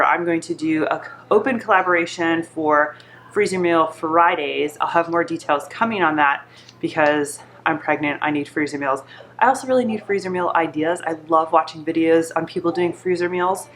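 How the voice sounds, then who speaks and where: A young woman with a low, stuffy voice, plainly congested from allergies, chats in a rambling way as she works in her home kitchen. She drifts into little asides as she talks. A faint hiss of background noise sits under her voice. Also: steady tone, moderate pace, a bit bright. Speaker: home cooking vlogger. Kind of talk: casual chat.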